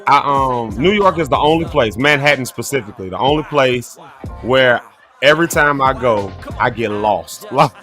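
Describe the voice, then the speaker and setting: A man's voice: medium pitch, animated, normal speed, sharp tone, soft background music. A man hosting a casual morning live stream, chatting animatedly, laughing often and reading out viewer comments. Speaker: morning show host.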